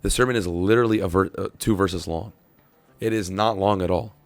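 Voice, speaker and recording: A man's voice: low-pitched, fairly quick, dry recording. A man hosting a podcast, speaking in an earnest, reflective way. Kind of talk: casual podcast chat.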